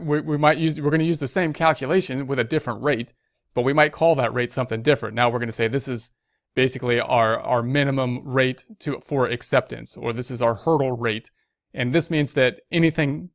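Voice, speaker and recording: A man's voice: medium pitch, no echo, studio quality. Man dictating spreadsheet steps. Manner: talks through each keystroke, restarts phrases. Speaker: accounting instructor. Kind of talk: spreadsheet tutorial narration.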